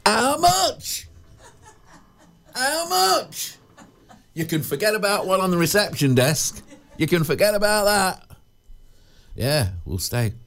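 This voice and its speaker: A man's voice: a little high, sing-song, moderate pace, fairly bright tone. A man hosting a radio show, rambling and digressing in jokey chatty patter. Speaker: radio presenter. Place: radio studio.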